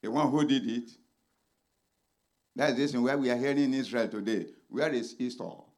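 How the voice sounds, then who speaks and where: A man preaching a sermon as a pastor, swinging dramatically between shouted lines and hushed ones. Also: medium pitch, moderate pace.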